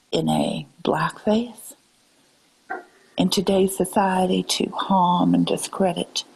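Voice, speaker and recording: On a live stream, a woman lectures and scolds her audience in a fake Southern drawl, addressing them as ma'am and darling and frequently dropping to breathy half-whispers. Her voice sits lowish with a darkish tone, and the recording is rough.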